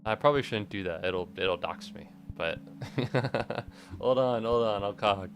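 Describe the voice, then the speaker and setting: A man's voice: fairly low pitch, measured pace, soft background music. Rambling, joking young streamer guy. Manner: rambling, jokey, profane, self-deprecating. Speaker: live streamer. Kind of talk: casual live-stream chat while gaming.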